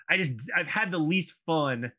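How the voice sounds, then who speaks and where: A man's voice: a little high, unhurried, bright, forceful tone. A man in his thirties co-hosting a casual podcast, rambling through asides with lots of fillers. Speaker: podcast co-host. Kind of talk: casual chat.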